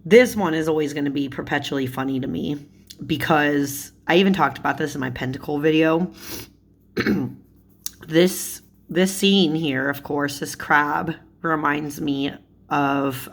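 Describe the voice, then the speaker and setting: A young woman, a tarot YouTuber, chats casually while showing her cards, giggling often and filling her talk with "like." Her voice is low-pitched, creaky and a little slow.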